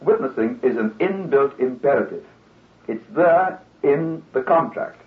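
A man's voice: medium pitch, animated, a little slow, echoey room. Man preaching over tinny old radio. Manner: earnest, conversational, acts out quoted voices. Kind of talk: radio sermon.

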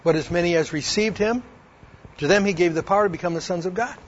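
A man's voice: high voice, quick pace, a little hiss or hum. A man giving a personal testimony, acting out both sides of a past conversation and reading verses aloud. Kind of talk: personal testimony told to a women's audience. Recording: dull lo-fi recording.

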